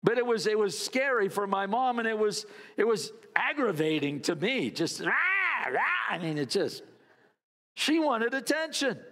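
A man's voice: sits high, expressive, moderate pace, a bit bright, big-room sound. A man preaching a sermon, telling a story and mimicking barking dogs with playful asides. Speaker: pastor.

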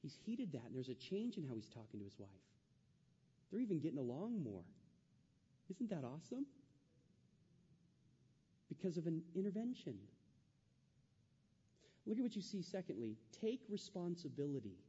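A pastor preaching a sermon, emphatic and repetitive, asking the congregation rhetorical questions. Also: male voice, a little high, sing-song, moderate pace, pauses often, mellow, slightly rough. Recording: dull lo-fi sound with long hall reverb.

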